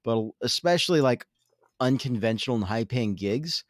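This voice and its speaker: A man co-hosting a podcast in casual chat, speaking in a relaxed, easygoing way with offhand slang. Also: mid-range voice, normal speed, no echo, studio quality. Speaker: podcast co-host.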